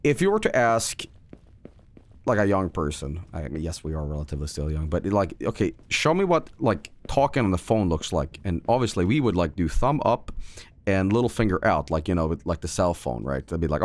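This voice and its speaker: A man's voice: sits low, big pitch swings, normal speed. A man streaming a game, chatting casually while rambling, swearing and laughing often. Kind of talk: casual livestream chat while gaming.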